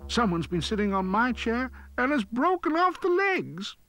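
A man's voice: very high voice, sing-song, normal speed, bright, forceful tone, soft background music, voice pushed up, heavily acted. A man voicing a tearful little baby bear cub in a storybook reading. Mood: wailing. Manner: crying, wailing. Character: tiny tearful baby bear, young male.

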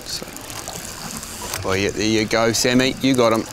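A man with a New Zealand accent hosts a fishing show, coaching anglers on a small boat outdoors in a laid-back, matey way. His voice is on the low side and steady in tone, at normal speed.

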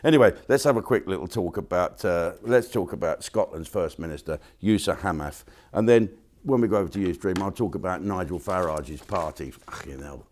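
A man's voice: sits low, a little fast, a little mellow. An older man from England, a comedian hosting a casual, rambling monologue full of blunt swearing. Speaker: comedian host.

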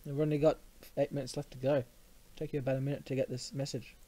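A man's voice: medium pitch, flat delivery, fast talker, mellow. A young man with an Australian accent hosting a live stream, joking and laughing often. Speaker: stream host. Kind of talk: casual live-stream chat.

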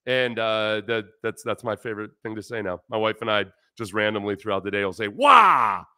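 A former football player in his forties hosting a casual sports livestream, talking in animated, rambling bursts with restarts while reading chat comments aloud. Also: on the low side, fairly quick, clean tone, no echo, studio quality. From United States.

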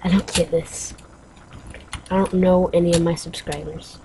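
A woman's voice: lowish voice, flat delivery, moderate pace, noisy background. Rambling, self-mocking woman gamer. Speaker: game player. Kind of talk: let's play commentary.

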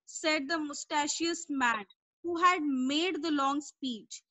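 A woman teaches a class, unpacking word meanings with patient repetition. Her voice sits high and bright. She talks slowly, and the recording is dry and close. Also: dry recording, low-quality recording. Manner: explains word meanings patiently, repeating herself. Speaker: English teacher. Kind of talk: online class lesson explaining a story.

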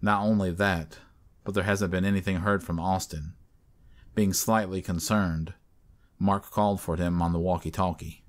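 Deep-voiced man narrating a horror story. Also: fairly even intonation, moderate pace.

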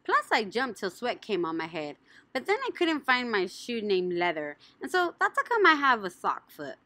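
A woman voicing a bossy, excitable little girl in an audiobook, with loud, squealing, childlike exclamations. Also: medium pitch, moderate pace, no echo. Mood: pushy. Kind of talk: audiobook reading.

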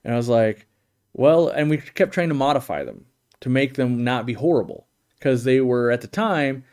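Here a middle-aged live-stream host takes viewer questions in an easygoing Q&A, speaking bluntly, voicing strong opinions, wandering off and starting over often. He has a mid-range, sing-song, slightly mellow voice and talks at a normal speed.

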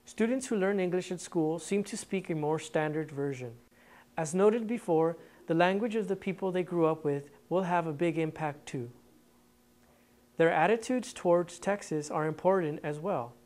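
A woman narrates a documentary from a script, explaining points in an even, steady read. Her voice sits slightly low for a woman. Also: moderate pace.

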